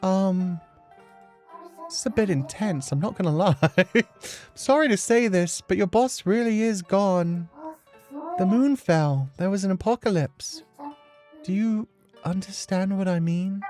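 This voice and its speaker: A woman's voice: medium pitch, expressive, measured pace, long pauses, dark tone, faint music behind. A woman streaming a game, chatting casually and giggling between lines. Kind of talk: casual let's play commentary.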